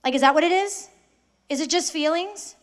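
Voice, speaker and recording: A young adult woman speaking to high school students in a lively faith talk, asking them questions and acting out quoted voices. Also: normal speed.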